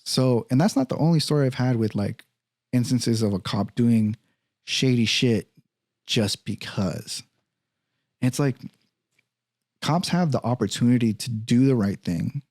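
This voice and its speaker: A man's voice: mid-range voice, measured pace, long pauses, dry recording, studio quality. A man hosting a podcast, telling a story in casual, profane talk and acting out what others said. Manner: profane, animated, acts out quoted voices. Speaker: podcast host.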